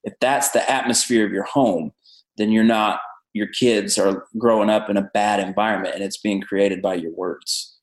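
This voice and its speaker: Southern pastor with a low, roomy voice. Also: male voice, fairly even intonation, moderate pace. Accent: Southern American. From American South. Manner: earnest preaching cadence. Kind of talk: podcast interview. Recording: roomy echo.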